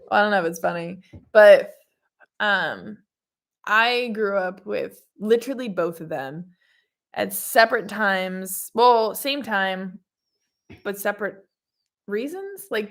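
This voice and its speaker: A woman's voice: medium pitch, unhurried. Chatty young woman reading stream comments. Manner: chatty, easily sidetracked, laughs often. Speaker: co-host of a livestream Q&A. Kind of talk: casual livestream chat, reading viewer comments.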